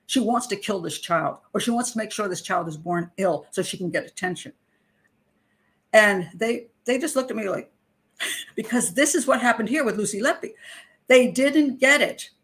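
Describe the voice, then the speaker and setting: A woman's voice: mid-range voice, normal speed. Middle-aged woman, criminal profiler, storytelling commentary, indignant, wry. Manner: animated, indignant, with wry laughter.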